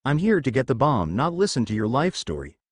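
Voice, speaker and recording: A man voicing an unimpressed young male hero student with a deadpan, sarcastic manner. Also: medium pitch, a little fast, husky, no room sound, studio quality.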